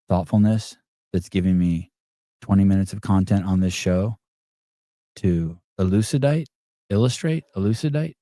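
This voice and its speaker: Male podcast host, lowish voice, dry close sound; sarcastic, rambling, swears freely. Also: warm tone, dry recording. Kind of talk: live call-in chat.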